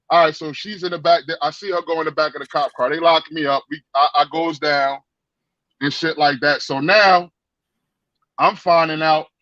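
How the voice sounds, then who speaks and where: A man telling a story in a casual chat, animated and profane, with lots of stammered restarts, on dry lo-fi stream audio. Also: fairly high pitch, no echo. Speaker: guest.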